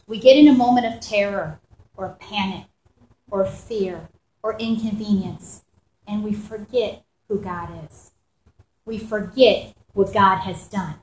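High-voiced woman preaching in an echoey hall. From New York. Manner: animated, conversational, with repeated "right?" and acted-out quotes. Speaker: pastor. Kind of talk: sermon.

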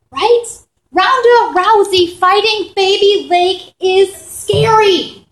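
High-voiced woman preaching in an echoey hall. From New York. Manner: animated, conversational, with repeated "right?" and acted-out quotes. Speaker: pastor. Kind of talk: sermon.

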